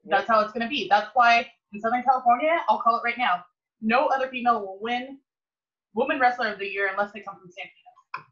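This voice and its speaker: A woman's voice: on the high side, fast, fairly bright tone. Emphatic woman wrestler, dull audio. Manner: enthusiastic and emphatic. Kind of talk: casual video call chat.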